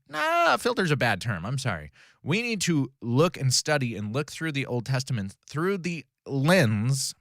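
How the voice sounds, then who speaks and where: A man's voice: mid-range voice, fairly bright tone, no room sound, clean studio sound. A man teaching a casual Bible study, talking through a passage conversationally with frequent fillers, self-corrections and "right?" check-ins.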